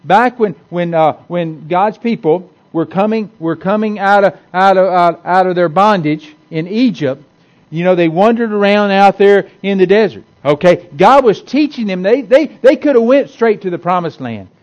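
A man's voice: sits high, moderate pace, highs cut off. A man preaching a sermon to a congregation in a folksy, conversational way, repeating himself and restarting often. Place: church hall with a congregation.

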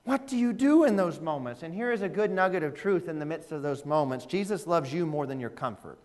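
A man preaching a sermon in a church, animated and conversational, often laughing and asking the audience questions. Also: fairly high pitch, a little fast. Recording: echoey hall reverb.

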